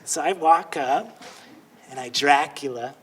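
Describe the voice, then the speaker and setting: Bright-voiced animated male stand-up comic. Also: measured pace, a little hiss or hum. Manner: animated, jumps into high squealing voices for quoted people. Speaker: stand-up comedian. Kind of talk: stand-up storytelling.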